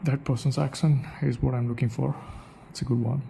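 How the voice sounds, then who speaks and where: A man summing up his thoughts in a casual spoken way, musing aloud with halting pauses and questions to himself. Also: medium pitch, flat delivery, gravelly, dark tone, slight background noise, poor audio. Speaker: channel host.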